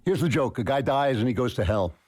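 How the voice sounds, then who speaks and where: A man's voice: medium pitch, animated, quick pace, darkish tone, a little hiss or hum. A man delivering a university lecture with dry, self-deprecating humor to a live audience. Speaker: guest speaker. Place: lecture hall before an audience.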